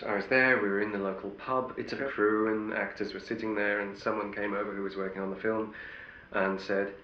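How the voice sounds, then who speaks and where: A man's voice: on the low side, little pitch movement, brisk, reverberant, highs cut off, a little hiss or hum. A middle-aged male actor telling wry anecdotes in an interview, often restarting his sentences. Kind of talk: interview storytelling.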